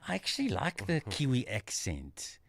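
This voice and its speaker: A man with a South African accent chatting as a radio co-host, easygoing and quick to laugh. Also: medium pitch, wildly swooping pitch, gravelly, no echo. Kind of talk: casual radio chat.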